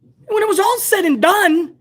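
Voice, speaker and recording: A woman's voice: very high-pitched, normal speed. A woman hosting a live wrestling review stream, ranting bluntly and heatedly with plenty of profanity. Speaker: wrestling show host.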